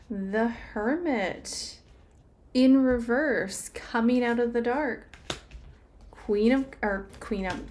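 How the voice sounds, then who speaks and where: A woman's voice: fairly high pitch, takes it slowly, a little hiss or hum. A woman giving a loose, conversational tarot reading, speaking straight to her viewers and talking through the cards as she turns them. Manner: conversational, loose, with filler words. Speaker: tarot reader. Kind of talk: casual tarot reading to camera.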